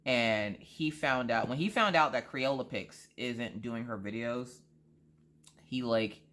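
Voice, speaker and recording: A woman's voice: extremely low pitch, slow. Rambling woman telling a story. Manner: rambling, animated storytelling with frequent asides. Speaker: crafting vlogger. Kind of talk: casual chat.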